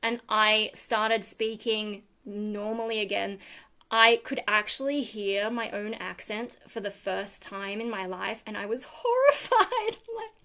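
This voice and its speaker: This Australian woman speaks at a medium pitch with fairly even intonation, a little slowly, in a sharp tone. She's hosting a casual livestream at home, full of fillers and giggles as she responds to viewers.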